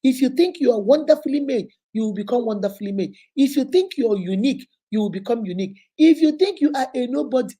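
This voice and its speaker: A woman's voice: a little high, lively intonation, fast talker, few pauses, dark tone, husky. A woman hosting a faith-based motivational advice talk, preaching emphatically and calling her listeners sister and baby. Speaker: relationship advice host.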